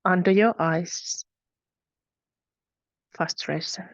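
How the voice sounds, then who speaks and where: A woman hosting a webinar, guiding a tapping exercise with calm, repetitive phrases to repeat after her. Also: lowish voice, drawn-out words, dry recording, lo-fi sound. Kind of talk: guided repeat-after-me instruction.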